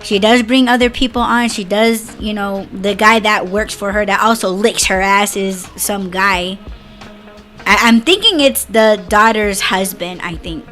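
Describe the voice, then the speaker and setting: A woman's voice: mid-range voice, unhurried, a bit bright, faint music behind. A woman podcast host ranting in a casual, profane, sarcastic monologue and often breaking into laughter.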